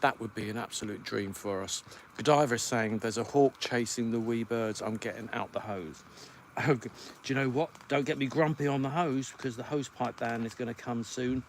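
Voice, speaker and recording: This UK man hosting a podcast live stream reads out viewer comments, chatting and rambling in a casual way. His medium-pitched voice moves at normal speed, with a little background noise.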